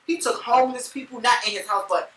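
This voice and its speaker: A woman's voice: fairly high pitch, fast talker, a bit bright, a little hiss or hum. A young trans woman reflecting on her experiences in a chatty, filler-heavy way during a casual interview. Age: young adult. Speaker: co-host. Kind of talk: casual storytelling. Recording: echoey room, far from mic.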